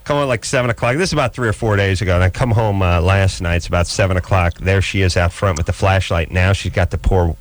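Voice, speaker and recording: A man hosting a radio call-in show, telling stories in a rambling, animated way. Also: sits low, fast talker, hardly any pauses, no echo. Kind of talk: casual talk radio banter.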